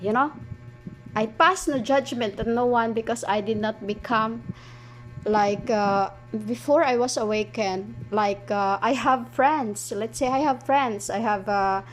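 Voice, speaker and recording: A woman giving a rambling spiritual monologue, halting and restarting her words often. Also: fairly high pitch, rough recording. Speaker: spiritual speaker.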